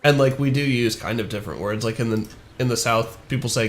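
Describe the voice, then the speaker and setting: A man's voice: mid-range voice, brisk, slight background noise. A young man from the northern United States chatting casually with viewers while streaming a game, rambling and laughing at himself as he answers chat.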